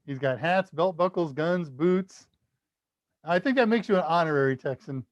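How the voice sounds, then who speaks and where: A man's voice: on the high side, expressive, normal speed, dry recording, lo-fi sound. A man from the United States hosting a casual live Q&A stream, chatty and self-deprecating, reading out viewer comments and laughing at his own jokes. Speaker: livestream Q&A host.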